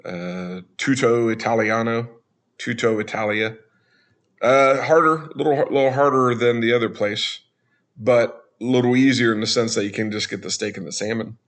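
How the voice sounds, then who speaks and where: A man's voice: medium pitch, steady tone, normal speed, fairly bright tone. A man talking casually over a walkthrough as a travel vlogger, chatty, with joking asides.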